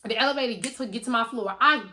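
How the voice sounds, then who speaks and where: A young woman vlogger telling a story in a casual, animated and profane way, talking straight to her viewers. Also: on the high side, fast.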